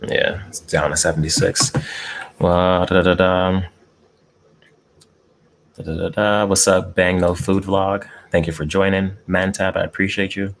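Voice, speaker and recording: Deep gravelly man chatting on a live stream. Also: level tone, unhurried. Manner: laid-back, greets chat viewers, chuckles often. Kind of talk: casual live stream chat while eating. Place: room at home with air conditioning. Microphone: desk mic close up.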